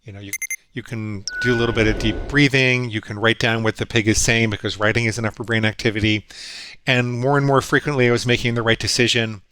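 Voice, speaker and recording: A man's voice: mid-range voice, little pitch movement, fast, sharp tone, smooth. A middle-aged man, a psychologist guest, telling his story in an earnest, reflective way. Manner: earnest, reflective, quotes his own inner voices. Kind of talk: storytelling conversation.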